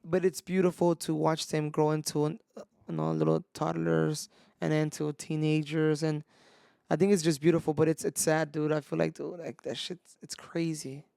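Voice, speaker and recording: Man, young adult, gravelly, slightly high voice, casual podcast chat, laid-back. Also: level tone, normal speed, dark tone, no room sound, clean studio sound. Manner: laid-back, peppers talk with "bro" and "dude". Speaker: podcast co-host.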